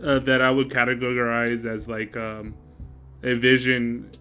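A man co-hosting a casual podcast chat, telling a story in a rambling, animated way, laughing often and swearing freely. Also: mid-range voice, unhurried, faint music behind. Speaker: podcast co-host.

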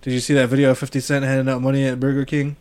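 A man at a mid pitch tells a gossip story on a casual podcast, swearing freely. He sounds high and loose, and he hedges his claims as he goes. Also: completely flat delivery, racing, a little mellow. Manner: storytelling, profane, hedging with "allegedly". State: high on cannabis. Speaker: podcast co-host. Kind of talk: casual chat.

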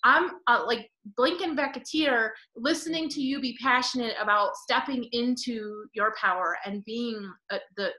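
A woman's voice: mid-range voice, pushed and bright, roomy sound. A woman hosting a podcast interview over a video call, gushing and emotional, rambling with many restarts. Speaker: podcast host.

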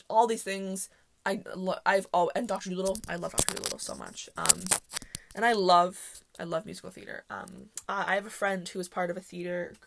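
Young woman, casual solo podcast chat, rambling with fillers, gravelly vocal fry. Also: fairly low pitch. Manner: rambling and chatty, with many fillers and self-interruptions; laughs often while talking. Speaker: podcast host.

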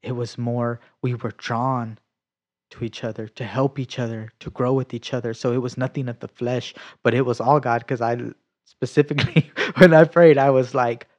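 A man sharing his faith testimony in casual conversation, telling it with energy, acting out what he said back then and dropping to a hushed whisper for emphasis. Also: mid-range voice, steady tone, normal speed.

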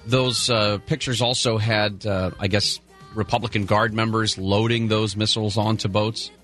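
Bright-voiced male talk radio host. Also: on the low side, steady tone, moderate pace, faint music behind. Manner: casual, rambling asides between headlines. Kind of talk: talk radio chat and news rundown. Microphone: studio broadcast mic.

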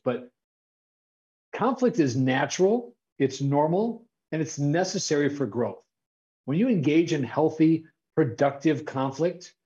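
A man with a slightly high voice co-hosts a casual podcast. He talks in an upbeat, animated and playful way. The audio is somewhat dull and lo-fi. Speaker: podcast co-host.

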